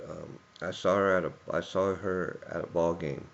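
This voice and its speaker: A man's voice: sits low, fairly even intonation, normal speed, creaky, muffled recording. A man giving a personal tribute speech, rambling through anecdotes and chuckling often.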